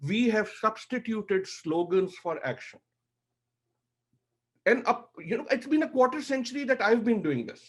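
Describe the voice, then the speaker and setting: A man's voice: high voice, animated, moderate pace, husky. A middle-aged man giving impassioned panel remarks, emotional and emphatic, hammering points through repetition.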